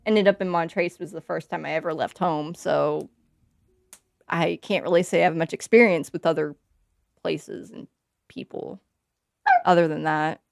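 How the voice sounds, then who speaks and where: A woman playing a wary fantasy character in a tabletop game, speaking quietly. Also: sits low, fairly even intonation, normal speed, gravelly, long pauses, no room sound, studio quality. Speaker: player.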